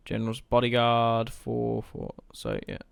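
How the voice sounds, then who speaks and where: A young man talks through a game he is playing, thinking aloud in a relaxed, rambling way and dropping the odd swear word. His voice is smooth and clear, at an ordinary middle pitch. It is recorded close and dry, with no room sound. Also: a little slow, dry recording. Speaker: gaming let's-play host. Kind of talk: casual gameplay commentary.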